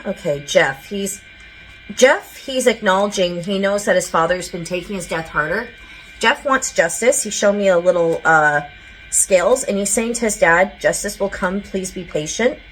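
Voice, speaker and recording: A woman's voice: mid-range voice, animated, moderate pace, fairly bright tone, soft background music, rough recording. A woman giving a casual psychic channeling reading to her viewers, chatty and rambling with lots of filler words and side notes.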